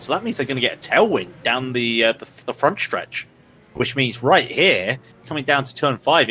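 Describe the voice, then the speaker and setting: A man's voice: mid-range voice, sharp tone, slight background noise. A man with a West Country accent doing chatty, jokey co-commentary on a sim race, rambling and restarting often. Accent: West Country English. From England.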